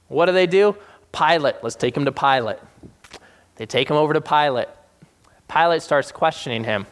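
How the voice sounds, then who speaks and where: A man preaching a sermon, retelling scripture with animated acted-out voices for the people in the story. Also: normal speed. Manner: animated, acts out quoted characters with sudden high-pitched voices. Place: South Jersey church.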